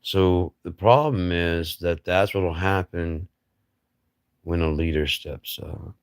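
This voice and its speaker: A man with an extremely deep voice muses slowly through a rambling livestream monologue. He is blunt and profane, firing off rhetorical questions and mocking asides, and the sound is dry and close. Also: clear, resonant tone, no room sound. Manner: blunt, profane, musing philosophically. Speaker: livestream host.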